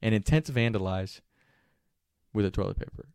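A man doing a calm lecturing cop. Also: lowish voice, clean tone, no echo, clean studio sound, lightly acted. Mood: measured. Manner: measured, lecturing. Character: calm fatherly male police officer.

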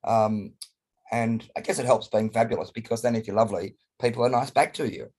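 An Australian man with a hoarse, croaky voice from a chest cold, chatting expressively as an interview guest over a video call. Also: medium pitch, a little fast. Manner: chatty and expressive, colourful phrasing. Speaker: guest performer. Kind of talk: casual interview chat.

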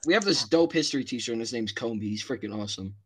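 A man's voice: mid-range voice, animated, fast, very noisy. A teenage boy co-hosting a podcast, joking around and turning dramatic. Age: teens. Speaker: podcast co-host. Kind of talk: casual chat.

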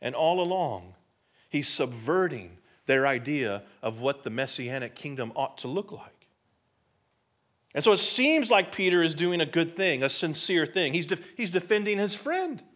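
A man's voice: on the high side, very animated, moderate pace, a bit bright. A man preaching a sermon in an emphatic, conversational way, often putting rhetorical questions to his listeners. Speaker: pastor.

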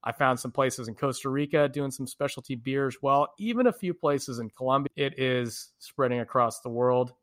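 Animated man telling travel stories. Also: medium pitch, normal speed, hardly any pauses. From United States. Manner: animated storyteller, laughs often. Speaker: podcast co-host. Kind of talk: casual storytelling chat.

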